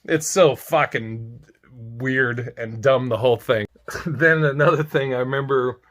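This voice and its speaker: Wry and profane, a man recounts a darkly comic personal story in a casual way, occasionally erupting into loud mock outrage. His voice is mid-range and his pace a little slow.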